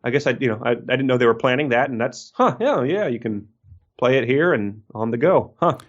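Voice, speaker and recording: Man, podcast co-host, casual, rambling, jokey, laughs a lot, medium pitch, slightly muffled audio. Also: lively intonation, brisk. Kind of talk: casual book-discussion podcast.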